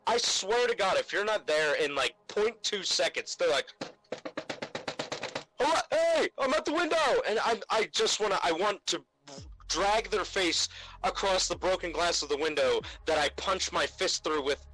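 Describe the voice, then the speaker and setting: The podcast co-host here is a young man with a high, pushed, bright voice who talks at a moderate pace. Recorded roughly on a remote call mic, he rants with exasperation in casual chat about customers at work and puts on mock voices for them.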